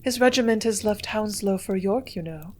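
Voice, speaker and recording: A woman's voice: medium pitch, normal speed, lightly acted. A woman reading the part of a secretive, aloof young society woman in an audiobook, her delivery cool and guarded. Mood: evasive.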